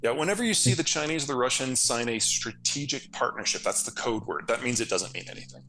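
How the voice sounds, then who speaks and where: A man's voice: mid-range voice, animated, fast talker, bright, forceful tone. A man from the United States, a guest analyst, answering interview questions in a blunt, fluent way with casual asides.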